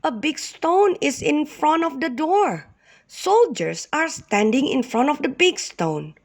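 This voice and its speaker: A woman voicing a grieving woman in a Bible story for small children, soft and pleading. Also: high-pitched, sing-song, slow, voice pushed up, heavily acted. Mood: longing.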